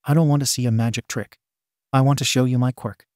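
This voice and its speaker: A man's voice: mid-range voice, steady tone, fast talker, a little mellow, no echo, studio quality, close to an everyday voice. A man voicing a nervous little girl in a storybook reading, stammering and timid. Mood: stubborn.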